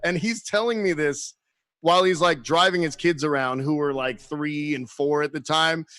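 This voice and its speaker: Animated, swearing male storyteller, dry sound. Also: fairly high pitch, normal speed, no room sound. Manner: animated storyteller, swears freely, laughs often. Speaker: guest musician. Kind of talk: casual chat.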